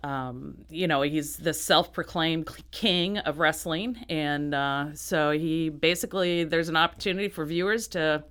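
Bright, halting woman artist. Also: sits low, clear, resonant tone. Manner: halting, many restarts, laughs often. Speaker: artist, guest. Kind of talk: interview conversation.

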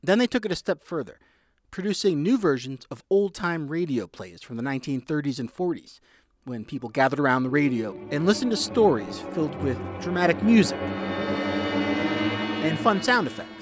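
Lively-voiced male radio reporter. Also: a little high, moderate pace, soft background music. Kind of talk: scripted news feature narration.

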